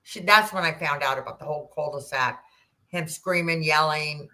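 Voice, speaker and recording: A woman in her sixties, a podcast guest, telling a personal story in an animated way and acting out the dialogue. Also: sits low, moderate pace. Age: 60s. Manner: animated, acts out quoted dialogue, rambling restarts.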